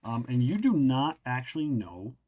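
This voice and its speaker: A male game master narrates a tabletop game at a mid pitch. He talks in a halting, casual way, restarting sentences and hunting for the right word. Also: big pitch swings, narrow, tinny audio. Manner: halting, many restarts, searches for words.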